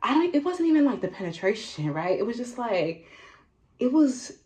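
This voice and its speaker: A woman's voice: fairly high pitch, very animated, brisk, darkish tone, rough recording. A young woman telling a personal storytime in a casual vlog, blunt and profane, laughing often and tagging lines with "okay?".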